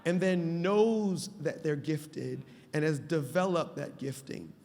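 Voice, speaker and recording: A man's voice: fairly high pitch, slow, a little mellow. A male pastor speaking on a live conference panel with an emphatic, preacher-like cadence. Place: conference stage before a live audience. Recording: long reverb of a large hall.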